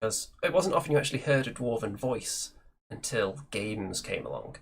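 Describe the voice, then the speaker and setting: A man hosting a casual hobby chat show, talking in a relaxed, chatty way and thinking aloud. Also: fairly low pitch, moderate pace, creaky, breathy edge. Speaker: show host.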